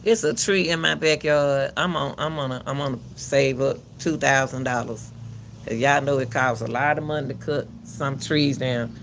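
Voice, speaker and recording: A man hosting his own channel, giving casual spoken commentary in a loud, projected coach's voice, emphatic and preachy, often repeating himself. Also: medium pitch, steady tone, moderate pace, a little hiss or hum. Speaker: channel host commenting on a court case.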